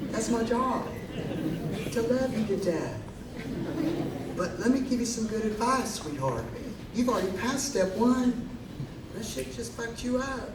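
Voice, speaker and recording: A man's voice: very high-pitched, lively intonation, unhurried, pauses often, background noise. A man voicing a blunt, motherly woman counselor who curses and calls people pet names. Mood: doting. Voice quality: sassy, profane, doting. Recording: echoey live hall, distant mic, crowd.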